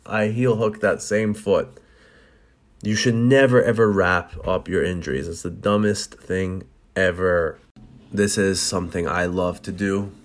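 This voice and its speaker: A man who competes in jiu-jitsu, telling match stories and giving blunt, profane advice in a casual way. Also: deep voice. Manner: blunt and profane, animated storytelling.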